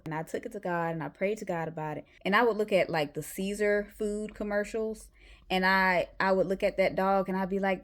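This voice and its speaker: A woman's voice: on the low side, normal speed. A woman vlogger sharing a casual faith testimony, telling her story with animation and acting out the things people said. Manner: animated storytelling, acts out quotes.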